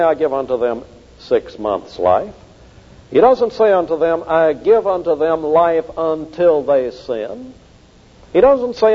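A man preaching a sermon, emphatic and insistent, driving his points home by repeating key phrases. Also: fairly high pitch. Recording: dull old recording in a reverberant hall.

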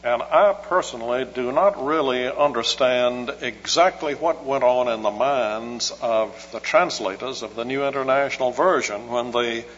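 Measured scholarly man preaching in a hall. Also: mid-range voice, slightly rough. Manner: measured, scholarly, dry humor. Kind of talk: expository sermon. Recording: muffled hall recording with hum.

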